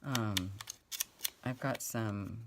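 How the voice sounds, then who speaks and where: A woman's voice: rumbling low, drawn-out words. A middle-aged woman chatting casually as she crafts at home, rambling and laughing often. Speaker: craft vlogger. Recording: clear rustling and clicking noise.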